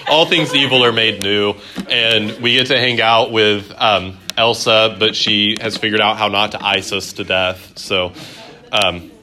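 A man's voice: lowish voice, fairly even intonation, unhurried, pushed and bright. A man teaching a Bible class in a classroom, chatty and jokey, with many fillers and restarts. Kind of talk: classroom teaching with joking asides.

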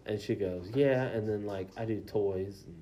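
A man's voice: on the low side, normal speed, crowd noise. A young man co-hosting a casual podcast, telling a story with lots of swearing and acted-out quotes. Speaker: podcast co-host.

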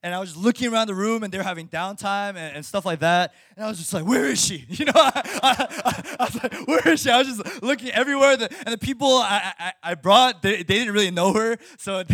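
A young man, a high school pastor, preaching and telling a personal story with lots of laughter and restarts. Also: fairly bright tone, no room sound, clean studio sound. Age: young adult. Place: Chicago suburbs.

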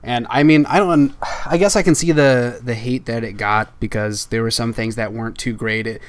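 An excitable young man rambles through a casual podcast chat, laughing often and tumbling from one thought to the next. His pitch sits in an ordinary middle range. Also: moderate pace. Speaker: podcast host.

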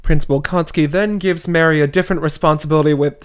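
A man's voice: on the high side, fairly even intonation, fast talker, smooth. Chatty man recapping a novel. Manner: chatty, wry asides, playful retelling. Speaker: podcast host. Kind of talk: casual book recap.

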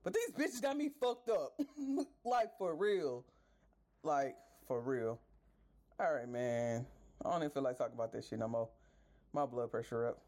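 A woman's voice: rumbling low, animated, fairly quick, a little mellow. Profane, exasperated woman podcast host. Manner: profane, exasperated, breaks into laughter. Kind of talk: casual ranting monologue.

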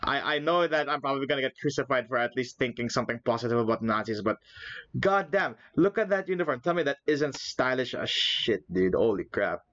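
Young man, casual podcast chat, profane, laughs often, lively storyteller, slightly muffled sound. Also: mid-range voice, fast talker, hardly any pauses, no echo. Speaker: podcast co-host.

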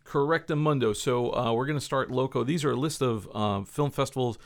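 A man's voice: medium pitch, fairly quick, creaky. A man hosting a studio podcast, reading news items in a casual, upbeat, joking way. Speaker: podcast host. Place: recording studio.

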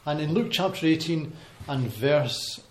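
A man giving an informal Bible talk to a congregation, pausing often with ums and restarting his sentences. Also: fairly high pitch, animated. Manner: hesitant, many ums and restarts. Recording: echoey hall with faint noise.

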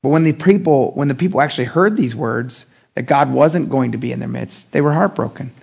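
A young adult man preaching a casual midweek sermon, talking in an animated, conversational way with slang and acting out the voices he quotes. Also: medium pitch, brisk, creaky, slightly rough. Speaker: pastor.

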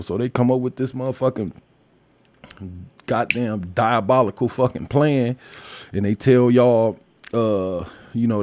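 A man's voice: medium pitch, no room sound. Man, crude and laughing, ranting casually, dry close mic. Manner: crude, loud, laughs often. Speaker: commentator. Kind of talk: casual profane rant.

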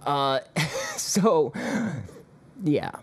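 A man's voice: on the high side, extremely slow. A man hosting a casual call-in show, talking in a sarcastic, rambling way with chuckling asides. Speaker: host.

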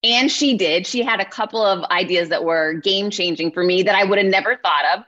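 A woman in her forties giving an energetic motivational keynote, often checking in with her listeners. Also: medium pitch, a little fast. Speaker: keynote speaker. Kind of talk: motivational speech. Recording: slightly muffled lo-fi sound.

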